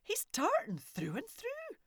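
A woman's voice: very high voice, huge pitch swings, measured pace, no echo, clean studio sound, voice pushed up, exaggerated voice. Woman doing a hearty jolly old crofter. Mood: calling.

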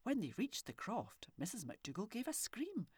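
A woman reading a children's story aloud with expressive, animated delivery and soft whispery asides. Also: medium pitch, normal speed, slightly rough, dry recording, studio quality. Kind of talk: storybook narration.

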